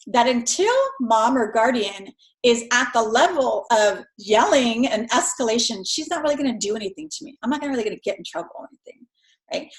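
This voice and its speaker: A woman with a fairly high voice teaches in a relaxed, conversational way. She slips into quick voices for parents and children as she explains. The sound is roomy and echoey. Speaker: instructor. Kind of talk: recorded lecture.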